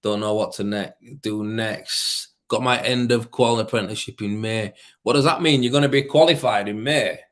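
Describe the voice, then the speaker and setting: A tired man with a fairly low voice hosts a casual live stream and reads viewer questions aloud. He answers in easygoing, slang-filled chat and keeps calling people mate. He is in his thirties and talks like a worn-out working tradesman. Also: moderate pace. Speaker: plasterer livestream host.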